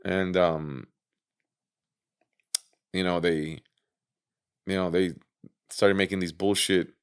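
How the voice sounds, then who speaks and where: A man's voice: sits low, steady tone, slow pace, clear, resonant tone. A man being interviewed on a podcast, casually retelling his own story with lots of fillers, swearing and acted-out quotes. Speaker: interview guest.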